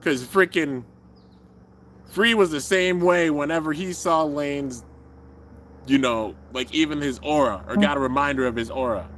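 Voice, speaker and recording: A young man hosting a live reaction, commenting excitedly and often breaking into loud exclamations. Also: fairly high pitch, normal speed, slight background noise. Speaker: channel host reacting to an anime episode. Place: home room with a fan, traffic outside.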